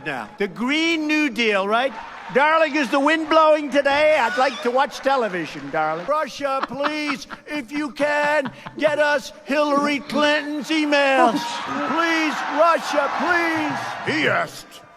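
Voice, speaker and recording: A man putting on a comic impression of a boastful, rambling older male politician who shouts and brags. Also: very high-pitched, expressive, slow pace, background noise, pitched above the performer's own voice, full character voice. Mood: blustering. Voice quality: shouty, rambling, self-praising.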